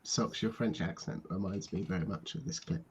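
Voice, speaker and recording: A man's voice: low-pitched, very animated, fairly quick, gravelly, dull audio, a crowd in the background. A man, co-hosting a casual stream chat, keen and repeating himself as he starts. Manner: enthusiastic, repeats words when starting. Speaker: co-host.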